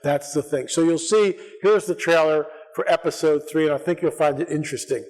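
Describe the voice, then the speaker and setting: Male conference speaker, slightly high voice, loose rambling storyteller, church-hall reverb. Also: a little fast. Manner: rambling, animated, acts out quoted voices.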